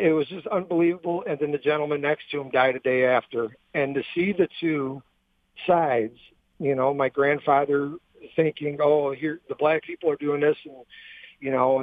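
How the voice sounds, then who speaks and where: A man in his thirties calling in to a radio show, telling a personal story in a halting, emotional way with many restarts. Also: on the high side, no echo. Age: 30s. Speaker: caller. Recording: tinny phone line.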